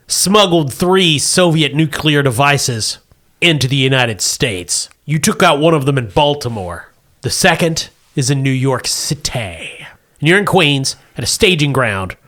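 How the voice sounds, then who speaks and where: A man narrating a comedic tabletop game as game master, setting scenes deadpan and laughing often. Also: a little high, unhurried.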